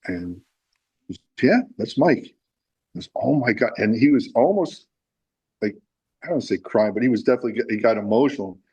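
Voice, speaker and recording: A man's voice: lowish voice, lively intonation, brisk, pauses often, a little mellow, breathy edge, muffled recording. A man being interviewed about his music, telling a long, rambling anecdote with many restarts. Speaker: musician guest. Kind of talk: casual interview storytelling.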